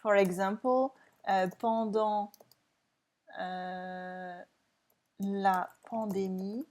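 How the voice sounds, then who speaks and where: A woman's voice: mid-range voice, fairly even intonation, extremely slow, darkish tone. A French woman in her thirties with a French accent, teaching a reading lesson for learners, repeating words and sounding them out with care. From France.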